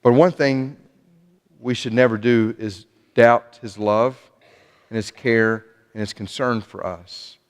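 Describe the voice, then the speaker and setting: A man delivers a sermon in a church sanctuary, speaking earnestly with frequent restarts and repeated words. His voice sits at a middle pitch, and a long reverb trails each phrase through the hall. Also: fairly even intonation, slow pace, smooth. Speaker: preacher.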